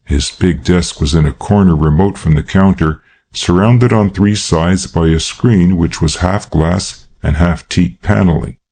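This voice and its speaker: A male narrator reading a classic crime novel with a measured, unhurried delivery. His voice is very deep and dark, with a husky texture. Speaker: audiobook narrator. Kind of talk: scripted narration.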